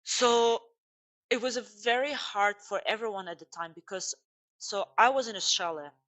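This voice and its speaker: A woman's voice: medium pitch, moderate pace. Candid woman from Uzbekistan telling her story. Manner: candid, lively retelling with frequent restarts and fillers. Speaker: podcast guest. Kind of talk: personal storytelling interview.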